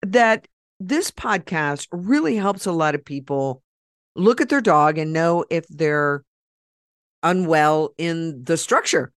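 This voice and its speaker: A woman hosting a podcast in casual chat, talkative and retelling what others said with animated quoting. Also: low voice, takes it slowly, no echo, clean studio sound. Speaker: podcast host.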